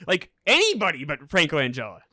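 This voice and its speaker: A fast-talking man co-hosting a film review chat, sharing behind-the-scenes trivia with lively, swooping intonation. His voice is high and bright, close and dry on the mic. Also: no room sound. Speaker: podcast co-host. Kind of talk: casual movie review chat.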